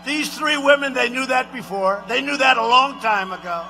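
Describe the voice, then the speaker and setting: A rambling, boastful president, as a man puts him on, working a rally crowd with loops of repetition and sudden shouted lines. The voice sits very high and bright, almost strained. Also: moderate pace, faint music behind, heavily acted. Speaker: impressionist. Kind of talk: political impression, rally speech.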